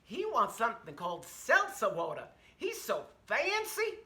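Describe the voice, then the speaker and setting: A man voicing a blunt young waitress in a small diner who retorts flatly. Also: very high-pitched, measured pace, full character voice. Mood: incredulous. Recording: roomy echo.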